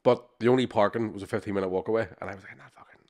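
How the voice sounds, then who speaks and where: A man co-hosting a podcast, telling animated, sweary anecdotes with acted-out quotes. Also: lowish voice, rapid-fire. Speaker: podcast co-host. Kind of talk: casual storytelling chat.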